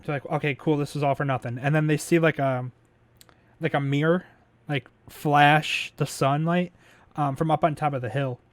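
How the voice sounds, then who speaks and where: A man's voice: on the high side, fairly even intonation, normal speed, no room sound. A man casually recapping a movie plot as a podcast host, rambling with lots of fillers, swearing and laughing as he goes.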